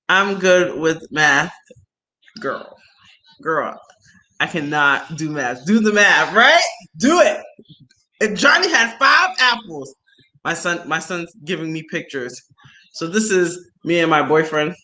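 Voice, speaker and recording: A deep-voiced woman speaks slowly on a casual livestream from her phone, and the audio is poor. She chats with her viewers, spinning animated stories full of slang and laughter.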